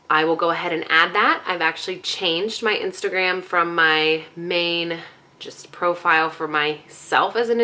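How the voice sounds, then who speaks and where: A woman's voice: lowish voice, bright, forceful tone. A young woman vlogging casually to her viewers, chatty with lots of ums, a little out of breath. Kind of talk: casual chat to camera.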